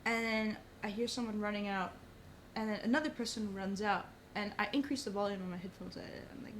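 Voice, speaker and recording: A young woman, a podcast guest, telling a story in casual chat, animated and swearing often. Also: mid-range voice, brisk, slight background noise. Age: young adult. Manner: animated, swears a lot, says "bro" often.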